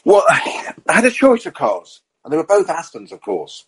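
Husky-voiced man telling racing stories. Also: fairly high pitch, moderate pace, low-quality recording. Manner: animated storyteller, acts out quotes. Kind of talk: anecdotal podcast chat.

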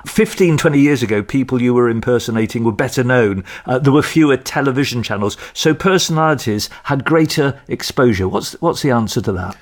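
Man, radio host, middle pitch, upbeat, asks questions with fillers. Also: animated, fairly quick, hardly any pauses. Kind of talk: radio interview hosting.

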